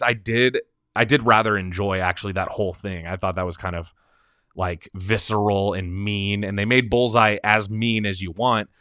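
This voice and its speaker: Young male streamer, casual chatty commentary, sharp bright tone, light music bed. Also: mid-range voice, no echo, studio quality. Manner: enthusiastic, rambling, laughs and swears often. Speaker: stream host.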